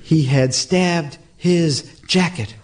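A man's voice: fairly high pitch, extremely slow. Man telling a spooky story aloud. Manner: dramatic, animated, builds suspense. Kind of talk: oral storytelling performance.

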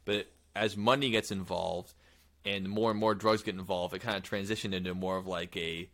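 Man, podcast co-host, low voice, bright forceful tone, rambling casual storytelling. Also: normal speed. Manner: rambling, animated retelling with profanity.

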